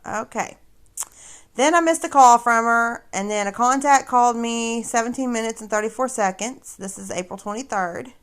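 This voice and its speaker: A woman's voice: a little high, moderate pace. A woman hosting a casual livestream, talking straight to her viewers in a sarcastic, mocking way. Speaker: livestream host.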